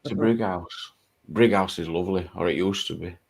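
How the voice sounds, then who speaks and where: A man's voice: low voice, brisk, vocal fry, a little mellow, husky. A man hosting a live chat panel, telling stories casually and laughing often. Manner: chatty storyteller, laughs often.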